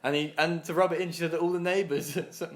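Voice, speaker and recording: A man's voice: on the high side, steady tone, fast talker. A man in his twenties, a podcast co-host, telling a long story in a rambling, sweary way and acting out the people in it. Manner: acts out other people's lines in his retelling. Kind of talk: casual storytelling chat.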